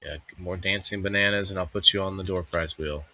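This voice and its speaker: A man's voice: low-pitched, steady tone, brisk, sharp tone, lo-fi sound, a little hiss or hum. A man hosting a casual live stream, rambling and joking as he greets viewers by name. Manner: rambling, jokey, addresses chat viewers by name. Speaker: livestream host.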